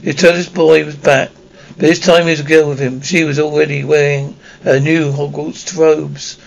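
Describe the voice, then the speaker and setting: A man's voice: a little high, little pitch movement, normal speed, creaky, muffled recording. A man reading a children's novel aloud, stumbling and restarting words often. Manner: reads with frequent slips and restarts. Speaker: audiobook reader.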